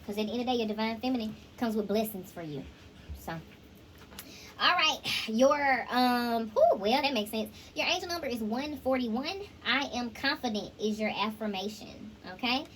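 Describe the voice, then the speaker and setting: In a low-quality recording with a bit of hiss or hum, a woman with a slightly high, fairly bright voice speaks at a moderate pace. She's a tarot reader doing a casual, chatty reading, addressing viewers directly and slipping into song snippets.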